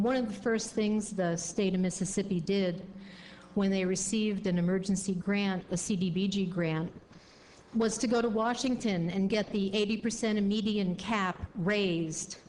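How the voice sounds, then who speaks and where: A woman's voice: medium pitch, darkish tone. Brief: woman talking plainly to a crowd, slightly indignant, a faint hiss behind her. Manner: conversational, indignant, many fillers. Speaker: luncheon host speaker. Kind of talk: speech to an audience.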